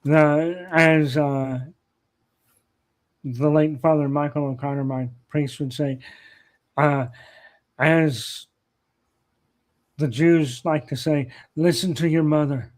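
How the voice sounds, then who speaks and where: Slow, rambling storyteller man with a higher voice. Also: fairly even intonation. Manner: rambling, many fillers and restarts. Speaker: podcast guest. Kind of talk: casual anecdotal storytelling.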